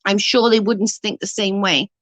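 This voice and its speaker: A woman's voice: mid-range voice, fairly even intonation, normal speed, a bit bright, dry recording. A woman ranting in outrage on a live stream, answering chat as she goes.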